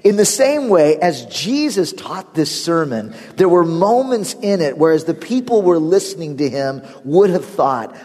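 A pastor with a fairly high voice preaches in a sanctuary, telling stories animatedly and laughing often. His voice rings through the long reverb of a large church hall. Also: very animated, measured pace, hardly any pauses, darkish tone. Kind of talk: sermon.

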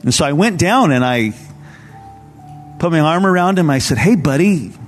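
A man's voice: a little high, animated, normal speed, in a large hall, soft background music. A man preaching as a pastor at a church service, telling stories in a casual, earnest way. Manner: conversational, earnest storytelling. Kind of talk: sermon.

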